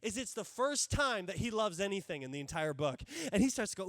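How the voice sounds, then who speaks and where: A male pastor delivering a lively sermon, his voice sitting high for a man. He slips into the voices of the characters as he tells the story. The sound is dry and close, with almost no room echo. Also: normal speed, few pauses. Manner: animated, acts out biblical characters' voices. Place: church sanctuary.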